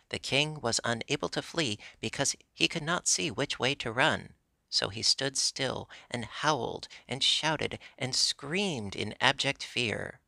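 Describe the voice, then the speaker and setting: A man reads a classic children's book aloud as a steady audiobook narrator. His voice has a gravelly edge and a very bright, sharp tone. The recording is close and dry. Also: medium pitch, dry recording. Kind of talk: storybook reading.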